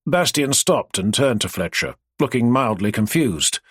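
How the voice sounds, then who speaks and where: A man narrating an audiobook in an expressive storytelling manner. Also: medium pitch, moderate pace, slightly rough, no echo, clean studio sound. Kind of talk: scripted narration.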